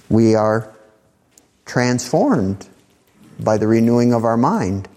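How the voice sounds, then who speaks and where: A man preaching a sermon, emphatic, with slow drawn-out phrases and sudden rises for emphasis. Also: medium pitch, dark tone, breathy edge. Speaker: pastor.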